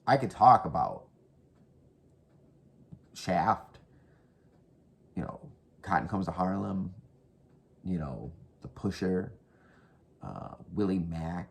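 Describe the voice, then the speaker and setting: Low, gravelly male horror vlogger, close-mic half-whisper, rambling and profane. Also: expressive, slow pace, long pauses, slight background noise. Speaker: horror movie reviewer. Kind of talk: casual rambling recommendations. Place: indoors at home.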